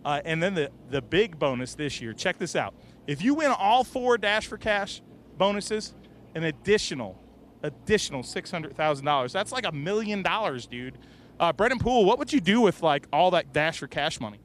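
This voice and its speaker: A man hosting casual interviews in an outdoor race garage, loud and jokey. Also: a little high, big pitch swings, a little hiss or hum. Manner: loud, jokey, quick to exclaim. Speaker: garage reporter and host.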